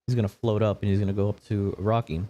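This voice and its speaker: A man's voice: on the low side, level tone, quick pace, dark tone. A man narrating as game master of a tabletop game, casual and profane with a rambling delivery.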